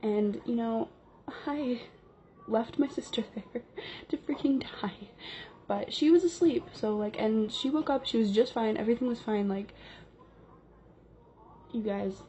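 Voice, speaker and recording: A woman's voice: fairly high pitch, measured pace, pauses often, mellow, a little hiss or hum. A woman telling a casual story-time vlog tale, chatty and full of fillers. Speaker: vlogger. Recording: dull lo-fi recording.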